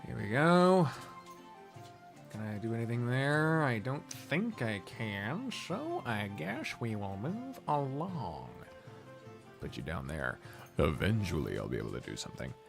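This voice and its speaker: Laughing, lively woman streaming a game. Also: unhurried, vocal fry. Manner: rambling, laughs often, swears freely; gushing high baby talk to a pet. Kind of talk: casual gameplay stream chat. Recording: faint music behind.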